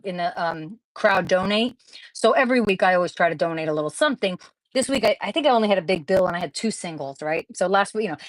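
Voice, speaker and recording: A woman's voice: mid-range voice, no echo, low-quality recording. A woman hosting a craft livestream, chatting casually with viewers and gushing over the crafts she opens, in a rambling way. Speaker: craft channel host.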